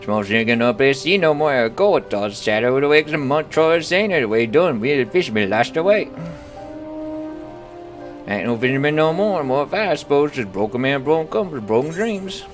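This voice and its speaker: A man voicing a bitter old fisherman in a rough, put-on sailor brogue. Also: a little high, lively intonation, normal speed, faint music behind, pitched above the performer's own voice, lightly acted. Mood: gruff, bitter. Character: gruff old male fisherman, bitter and broken.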